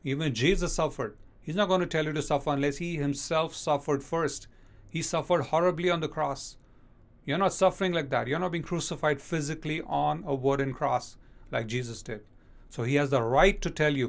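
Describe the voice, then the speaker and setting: Gravelly-voiced pastor preaching emphatically. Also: male voice, on the high side. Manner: emphatic preaching, reads scripture verses slowly. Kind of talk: sermon.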